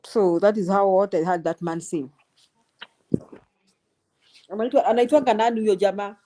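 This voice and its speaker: A Kenyan woman calls in to a talk show, speaking hesitantly with many fillers. She mixes English and Swahili at a medium pitch. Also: fairly even intonation, moderate pace, mellow. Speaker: caller. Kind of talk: casual call-in chat.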